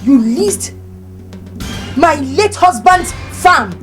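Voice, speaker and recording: An actress playing a grieving, indignant widow who accuses and pleads, speaking with a Nigerian accent over a film score. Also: female voice, sits high, animated, very slow, fairly bright tone, soft background music, full character voice. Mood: questioning. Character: grieving, indignant middle-aged village widow.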